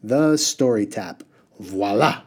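A man voicing a brash, fast-talking male water genie in a storybook read-aloud, boastful and teasing. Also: on the low side, lively intonation, husky, full character voice. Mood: showy. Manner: boastful and teasing, rattles off slang phrases.

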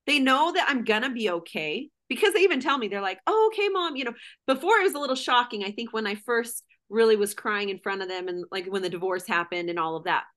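A woman's voice: medium pitch, lively intonation, quick pace, a bit bright. A middle-aged woman guest speaking candidly and emotionally in casual conversation, full of "like".

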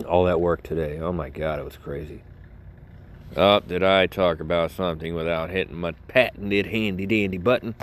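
A man's voice: sits low, fairly even intonation, moderate pace, slight background noise. A man rambling and joking to his viewers in a casual vlog, self-mocking and chatty. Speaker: vlogger.

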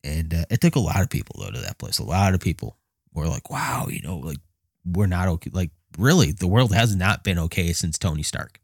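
Man, very low voice, casual animated storytelling, laughs and swears, dry close sound. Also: a little fast, gravelly, no echo. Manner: animated, jumps into high excited voices when reenacting reactions. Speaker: movie fan recounting a film.

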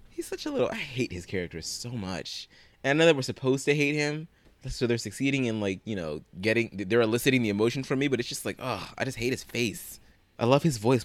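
A man's voice: fairly high pitch, no echo. A man co-hosting a podcast, chatting casually, swearing often and breaking into sarcastic rants. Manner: animated and profane, with sarcastic rants. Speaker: podcast co-host. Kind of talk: casual chat.

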